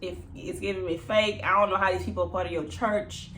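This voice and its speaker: A woman's voice: mid-range voice, fairly even intonation, fairly quick, fairly bright tone, slight background noise. A woman recapping a reality show in a casual, chatty way, laughing often and mimicking the people she quotes.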